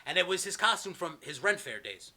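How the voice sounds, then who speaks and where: A man hosts a loose, profane podcast chat and talks very quickly. He tells his stories in a tumbling, rambling rush, and his voice sits a little high. Loud crowd chatter runs under everything he says. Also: very animated. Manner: fast, rambling storyteller, swears a lot. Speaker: podcast host. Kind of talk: casual chat. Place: home, over a video call.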